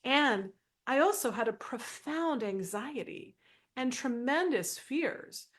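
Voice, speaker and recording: A woman who co-hosts a podcast and is a former minister tells a story animatedly in casual conversation, acting out the dialogue. Her voice is high, and she speaks slowly.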